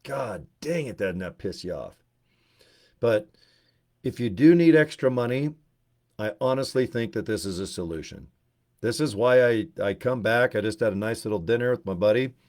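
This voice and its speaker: A man rambling and joking on a livestream, swearing freely and telling animated stories. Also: lowish voice, normal speed. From Utah. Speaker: network marketing presenter.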